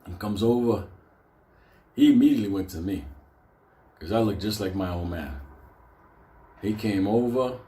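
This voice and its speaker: A man's voice: normal speed, pauses often, warm tone, echoey room. Profane man telling a wild story. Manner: profane, laughs often, raises his voice high for quoted lines. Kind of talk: casual comic storytelling.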